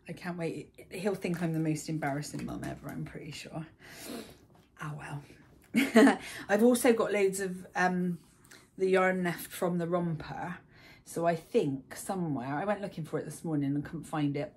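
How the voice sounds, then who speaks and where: A young woman talks through her knitting in a casual, gushing way, full of ums and a little out of breath. Her voice sits on the low side, with a faint hum of the room behind her. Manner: chatty, gushing, with frequent ums. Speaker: knitting vlogger. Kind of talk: casual chat. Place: baby's room at home.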